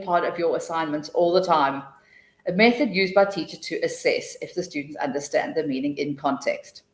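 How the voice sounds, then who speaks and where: Woman trainer, lower voice, chatty and lively, online teaching webinar, echoey room. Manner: chatty and lively, laughing often, thinking aloud between points. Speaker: TEFL trainer leading a webinar.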